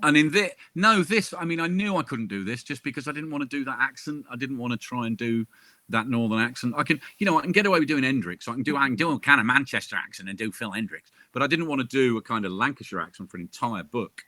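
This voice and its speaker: A chatty man talking casually as an interview guest, full of jokey asides and quick restarts. His voice has a bright, forceful edge. The sound is dry and close, with no room around it. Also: mid-range voice, expressive, no echo. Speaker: crime author interviewed as guest. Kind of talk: casual chat.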